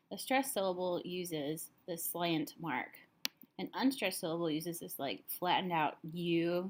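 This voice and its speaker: In a lowish voice, a woman teacher explains a recorded lesson step by step, calm though slightly weary as she guides her students.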